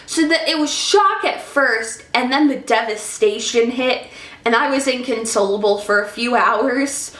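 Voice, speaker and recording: A woman chats about books as a vlogger, gushing and emotional in her casual review talk. Her voice sits a little high and she takes her time with each thought. The sound carries the echo of a bare room. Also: measured pace, a bit bright. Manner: effusive, emotional, chatty. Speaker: book vlogger. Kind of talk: casual book review vlog. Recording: echoey room.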